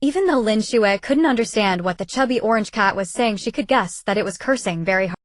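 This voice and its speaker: A woman narrating a novel in an audiobook, in an even, steady storytelling manner. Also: medium pitch, brisk, no echo.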